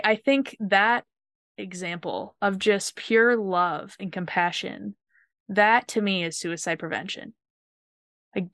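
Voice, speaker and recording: A woman hosts a podcast in an earnest, heartfelt way, often restarting her sentences as she goes. Her voice is smooth and clear, recorded close and dry with no room sound. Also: medium pitch, fairly bright tone, dry recording. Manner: earnest, emotional, many restarts. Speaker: podcast host.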